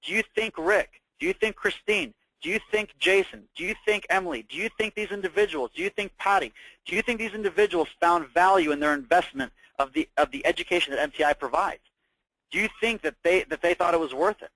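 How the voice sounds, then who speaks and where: Guy pitching a trading course, high voice, lots of "how many of you", dry sound. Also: fairly quick, sharp tone, no echo, low-quality recording. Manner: upbeat salesy pitch with rhetorical questions. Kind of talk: sales presentation.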